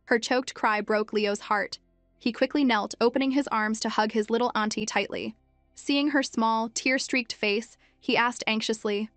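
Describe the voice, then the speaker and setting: Higher-voiced woman narrating a story recap. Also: steady tone, normal speed, no room sound, faint music behind. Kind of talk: scripted narration.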